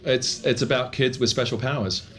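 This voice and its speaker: A man performing a book test as a magician, with brisk, coaxing patter. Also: medium pitch, steady tone, background noise.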